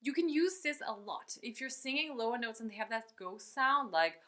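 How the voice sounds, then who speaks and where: Woman voice teacher, higher pitch, bright tone, chatty and upbeat. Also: expressive, moderate pace. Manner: upbeat and chatty, breaks off to demonstrate sounds. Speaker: vocal coach. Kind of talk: online singing lesson.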